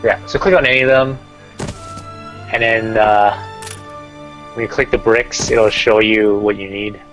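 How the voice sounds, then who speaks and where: A man's voice: on the low side, steady tone, measured pace, a bit bright, soft background music, rough recording. A man in casual gaming chat, walking a friend through a game in an instructive, teasing way. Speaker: gamer guiding a friend.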